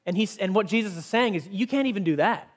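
A man's voice: high-pitched, lively intonation, fast talker. Earnest man preaching a sermon. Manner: earnest, conversational, reads scripture aloud. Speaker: pastor.

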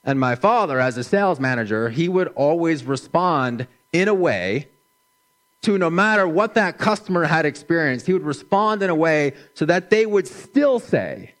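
A middle-aged man preaching a sermon in a slow, gentle, measured way, dropping his voice softly for emphasis. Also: a little high, animated. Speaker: pastor.

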